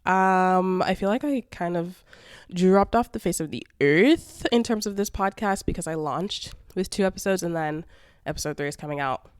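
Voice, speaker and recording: This solo podcast host, a woman in her twenties, has a fairly low, clean voice and a moderate pace, recorded at studio quality with no echo. She's congested and has a sore throat, but stays chatty and sassy, addressing listeners as "babes" and "girl."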